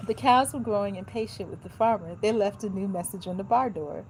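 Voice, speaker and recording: A woman talks casually in a warm, mellow voice and mixes reading aloud with chatty, joking asides in relaxed colloquial speech. A faint hiss runs behind her. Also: medium pitch, brisk, hardly any pauses, rough recording. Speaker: vlogger.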